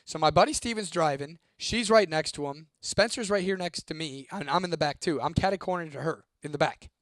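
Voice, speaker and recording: A young man tells his viewers a spooky story, swearing freely and keeping it lively. His voice sits a little high for a man, and the sound is dry and close with no room echo. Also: a little fast. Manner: profane, animated, reads a viewer comment aloud. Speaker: host.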